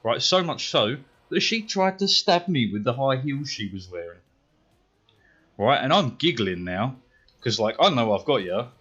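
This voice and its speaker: British male streamer, casual and profane storyteller, animated, middling pitch, a bit muffled. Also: unhurried, breathy edge. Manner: profane, swears constantly; animated, gets louder and higher when worked up. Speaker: gaming streamer.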